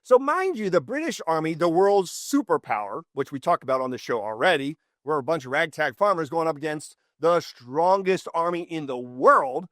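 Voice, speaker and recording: A man hosts a casual history talk, his voice sitting a little high. He rambles, restarts his sentences and swings his emphasis up and down. The recording is close and dry, with no room sound. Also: moderate pace, hardly any pauses, no room sound. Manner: rambling, restarts often, animated swings in pitch. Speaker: podcast host.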